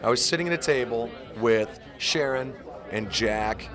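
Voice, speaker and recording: A man's voice: medium pitch, a little slow, crowd noise. A man, a musician, recalling a first meeting in an enthusiastic, fond way in an interview. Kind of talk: storytelling interview.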